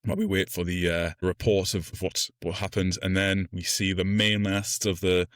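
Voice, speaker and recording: Animated man reviewing a film. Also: deep voice, normal speed, no echo, studio quality. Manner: animated storytelling, slips into funny voices. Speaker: podcast co-host. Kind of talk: casual film review chat.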